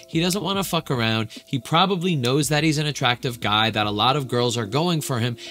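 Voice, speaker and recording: A man's voice: mid-range voice, sharp tone. A man who works as a relationship coach giving casual, frank reaction commentary and swearing freely.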